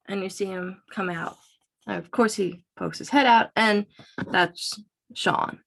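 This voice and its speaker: A woman's voice: medium pitch, slow pace, creaky, fairly bright tone. A woman reading a graphic novel passage aloud and explaining it. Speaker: reader presenting a book.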